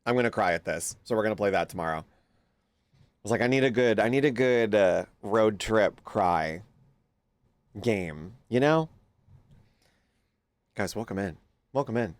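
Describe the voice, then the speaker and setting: A man's voice: lowish voice, animated, a little slow, long pauses, no echo. A young man streaming live, chatting casually with his viewers and greeting them by name, now and then cooing at his pet. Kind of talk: casual livestream chat.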